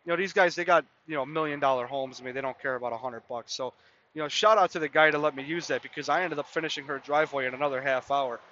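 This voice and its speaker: A man's voice: fairly high pitch, fast talker, bright, forceful tone, dull audio, a little hiss or hum. A man in his mid-twenties hosting a podcast, telling a casual, rambling story full of "I mean" and "you know". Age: mid-20s. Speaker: podcast host.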